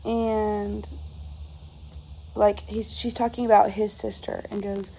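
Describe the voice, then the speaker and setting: A woman's voice: medium pitch, little pitch movement, takes it slowly, vocal fry, pauses often, mellow, a little hiss or hum, rough recording. A woman chatting casually about a book she's reading, rambling and exasperated, with lots of filler words. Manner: exasperated, rambling, heavy use of filler 'like'. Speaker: book reviewer.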